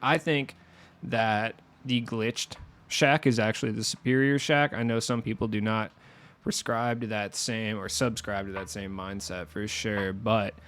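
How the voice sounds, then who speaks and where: A man's voice: lowish voice, steady tone, unhurried, a bit bright, slight background noise. A young man hosting a casual gaming video, chatty and self-deprecating, laughing at his own jokes. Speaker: gaming YouTuber host. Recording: faint music behind voice.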